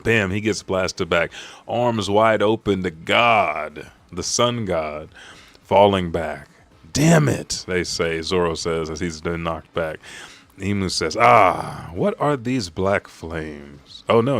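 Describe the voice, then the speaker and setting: A man with a fairly low voice excitedly recaps a comic chapter for a live audience. He swears freely and narrates the fights with gusto. Every so often he leaps into loud, high-pitched shouts to voice the characters. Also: unhurried. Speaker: host of a live chapter read.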